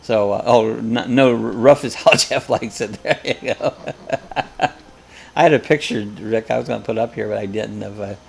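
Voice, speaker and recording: Gravelly, rambling man hosting a chat. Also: on the low side, a little slow. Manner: rambling, jokey storyteller. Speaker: live chat host. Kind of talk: casual chat.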